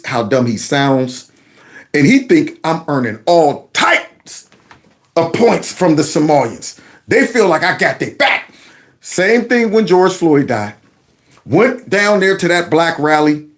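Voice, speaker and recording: This is a man running his own commentary vlog. He talks in a folksy, mocking way, and his pitch swoops widely while sitting somewhat high for a man. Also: very animated, unhurried. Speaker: commentary channel host.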